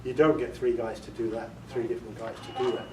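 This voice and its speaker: A fast-talking British man with a mid-range voice and level tone gives an informal workshop talk as an audiobook director. In a meeting room, he jokes and chats with the small audience he quizzes, while the echoey recording keeps him far from the mic amid faint noise.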